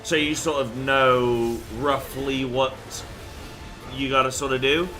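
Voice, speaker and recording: A man's voice: mid-range voice, level tone, slow pace, bright, forceful tone, faint music behind. A young man chatting loosely on a game stream, rambling with fillers and the odd swear word. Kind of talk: casual live-stream chat.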